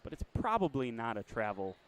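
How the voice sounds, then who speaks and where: A man calling a high school basketball game play-by-play, chatty and quick to correct himself with a small laugh. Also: big pitch swings, a bit bright. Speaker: play-by-play announcer.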